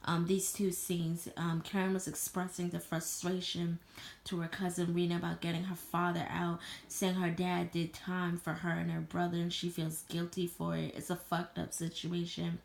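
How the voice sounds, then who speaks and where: Creaky low-voiced woman in an echoey room. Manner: loose and chatty, swears freely, leans on "you know". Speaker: TV show reviewer. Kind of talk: casual episode recap vlog.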